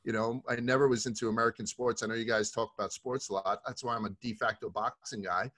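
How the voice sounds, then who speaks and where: Man, middle-aged, from Brooklyn, podcast guest, rambling profane storyteller, mid-pitched voice. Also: steady tone, fast talker, fairly bright tone. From Brooklyn, New York. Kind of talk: casual podcast chat.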